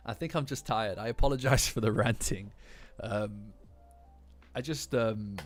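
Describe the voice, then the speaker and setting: A man's voice: on the low side, takes it slowly. A tired young man who chats casually on a livestream, rambling and apologizing for it. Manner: rambling, apologetic, self-deprecating. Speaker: streamer. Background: faint lofi music.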